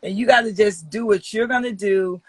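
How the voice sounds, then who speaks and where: A woman's voice: medium pitch, normal speed, a crowd in the background. A woman in her forties, a talk show guest, speaking candidly in casual chat and telling personal stories with blunt, emphatic, profane language. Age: 40s.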